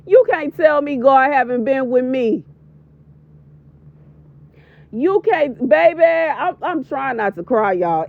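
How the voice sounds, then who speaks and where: A woman in her thirties giving an emphatic, preachy prophetic warning as a voiceover, repeating lines for stress. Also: high voice. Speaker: prophetic video creator. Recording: dull lo-fi voiceover.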